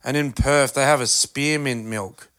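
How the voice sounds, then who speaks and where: An Australian man hosting a casual podcast, rambling through asides with plenty of fillers. His voice is bright and clear, smooth and crisp in tone. He sounds relaxed and chatty. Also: medium pitch, a little slow. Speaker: podcast host.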